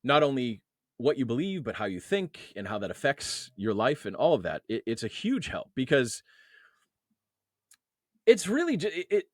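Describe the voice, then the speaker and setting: A man's voice: medium pitch, normal speed, no room sound. Guy coaching on men's emotions, mid voice, lots of analogies, dry close sound. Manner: explains through everyday analogies, animated lift on key words. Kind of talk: conversational interview.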